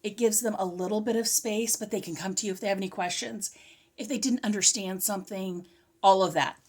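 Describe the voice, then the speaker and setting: A woman's voice: medium pitch, brisk. A middle-aged woman in a casual, chatty homeschool curriculum review, slightly out of breath and often interrupting herself. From California. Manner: chatty, animated, self-interrupting. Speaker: homeschooling vlogger.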